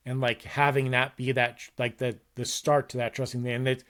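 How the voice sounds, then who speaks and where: A man's voice: mid-range voice, level tone, a little fast, a bit bright. A man in his thirties, a guest on a casual podcast, talking candidly and earnestly about parenting in a loose, rambling way with frequent restarts.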